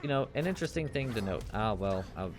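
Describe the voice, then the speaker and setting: Low-voiced man rambling over gameplay. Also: lively intonation, fast talker, faint music behind. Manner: rambling and offhand, puts on silly high voices for characters. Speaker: game walkthrough host. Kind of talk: casual gameplay commentary.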